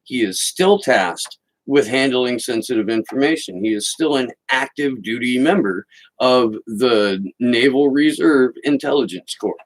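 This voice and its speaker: A man's voice: mid-range voice, a little slow, rough recording. A man hosting a podcast, giving sarcastic, mocking political commentary and reading quotes aloud. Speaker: podcast host.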